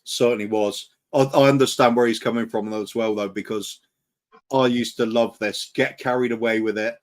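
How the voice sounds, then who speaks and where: A man with an ordinary mid-pitched voice, co-hosting a casual stream. He rambles reflectively, restarting sentences often. His talk is loose and conversational. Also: fairly even intonation, normal speed. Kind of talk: casual chat on a live stream.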